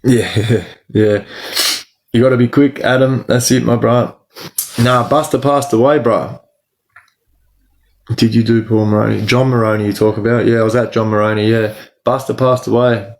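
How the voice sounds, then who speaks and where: An Australian man of middle age hosts a casual livestream, reading out viewers' names and answering them. His speech is loose and slangy, peppered with "bro", at an ordinary mid pitch for a man. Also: fairly even intonation, moderate pace, long pauses. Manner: slangy, talks to chat by name, says "bro" a lot. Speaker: livestream host.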